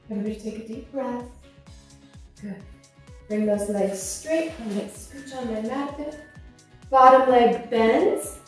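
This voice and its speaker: With music behind her in an echoey room, a fitness instructor in her fifties talks a class through a core workout, panting as she encourages them. Her fairly high voice is unhurried, with long pauses. The clip-on mic sounds far away.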